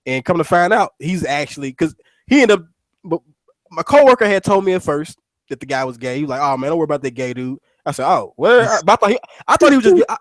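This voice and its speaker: A man's voice: a little high, dry recording. Rambling profane man with a dry sound. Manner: rambling, profane, many restarts. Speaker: radio show host. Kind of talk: casual storytelling chat.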